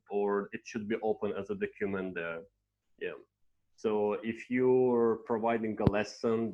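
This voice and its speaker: A man's voice: lowish voice, darkish tone. A man leading an online teacher training session, talking in a conversational way with lots of "yeah" and "right". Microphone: video call. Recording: lo-fi online call audio.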